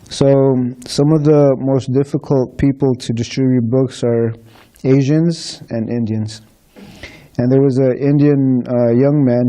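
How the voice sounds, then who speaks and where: Man with a dark, mellow voice. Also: medium pitch. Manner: chatty anecdotes with quoted dialogue, frequent laughs. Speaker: book distributor sharing stories. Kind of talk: casual storytelling talk. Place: temple gathering.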